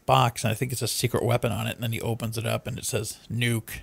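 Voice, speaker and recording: Podcast guy rambling thru movie plots, swears a lot, gravelly voice, dry sound. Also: mid-range voice, racing, no room sound. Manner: rambling, profane, animated storyteller. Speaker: podcast host. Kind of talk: casual chat, retelling movies.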